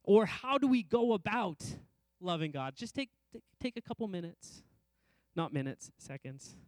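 A middle-aged male pastor with a fairly high voice delivers a sermon in rhythmic, repeated phrases. He climbs in pitch and slows down to stress his main points. The sound is dry and close, with little room echo. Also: very animated, darkish tone. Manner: varies emphasis, rising and slowing on key phrases; repetitive, rhythmic preaching.

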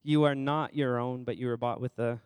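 A man's voice: mid-range voice, steady tone, normal speed, darkish tone, clean tone, no room sound. A man preaching a sermon as pastor in a church service, chatty and conversational, quizzing the congregation by name and repeating phrases for emphasis.

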